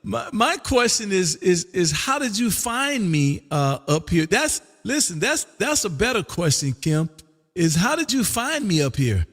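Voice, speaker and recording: A man's voice: high-pitched, very animated, measured pace, fairly bright tone, big-room sound. A man running his ham radio station from Texas, chatting casually and repeating his call sign, with "man" dropped into nearly every line. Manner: drawling, repeats phrases, says "man" a lot. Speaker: ham radio operator and stream host. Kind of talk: casual on-air radio chat.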